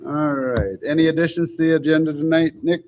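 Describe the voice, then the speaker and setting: A man serving as acting mayor, briskly running a city council meeting through its procedures. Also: fairly high pitch, steady tone, noisy background.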